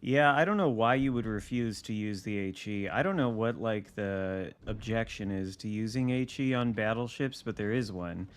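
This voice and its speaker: Low-voiced man musing over gameplay. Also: normal speed, hardly any pauses. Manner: dry, wry musing, thinking aloud. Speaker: game streamer. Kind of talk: casual live gameplay commentary.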